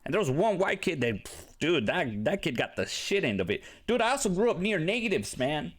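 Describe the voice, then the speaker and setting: This young man's voice is on the high side and moves at normal speed as he reacts casually to clips with blunt, cursing rants. He is Mexican-American and grew up near a casino.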